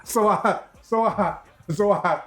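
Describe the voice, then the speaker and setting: Laughing storyteller man, high voice. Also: slow, fairly bright tone. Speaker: podcast co-host. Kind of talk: casual storytelling chat.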